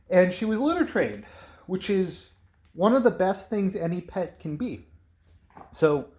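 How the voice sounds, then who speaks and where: A man's voice: mid-range voice, a little mellow, a little hiss or hum. A man chatting casually and rambling about his cat, laughing often and a little out of breath. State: slightly out of breath from coffee. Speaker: pet vlogger. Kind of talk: casual chat to camera.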